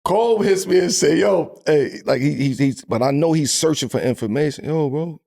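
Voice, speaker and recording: A man's voice: a little high, moderate pace, creaky, warm tone. A man hosting a podcast, telling a story in casual chat and laughing often. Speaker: podcast host.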